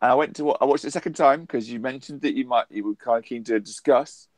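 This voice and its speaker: A man co-hosting a podcast in casual chat, dropping quick, dry remarks. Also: mid-range voice, dry recording.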